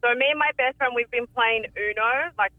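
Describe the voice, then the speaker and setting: A woman's voice: a little high, moderate pace, no room sound, narrow, tinny audio. An Australian woman in her late twenties calling in to radio, bubbly. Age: late 20s. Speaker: caller.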